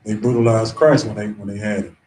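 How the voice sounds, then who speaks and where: A man reading scripture aloud to a class, slow and halting. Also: on the low side, level tone, warm tone. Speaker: student reader. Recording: roomy, distant, faint background noise.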